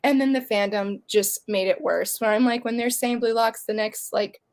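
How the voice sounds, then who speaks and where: Woman, young adult, casual podcast chat, passionate rant, higher pitch. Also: steady tone, moderate pace, a little mellow. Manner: passionate ranting. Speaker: guest.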